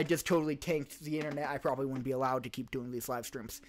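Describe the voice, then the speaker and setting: A man's voice: medium pitch, steady tone, fast talker. A man hosting a casual live-stream Q&A, reading questions from chat and answering in a rambling way, restarting and correcting himself as he talks. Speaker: podcast host and live streamer. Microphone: streaming desk mic.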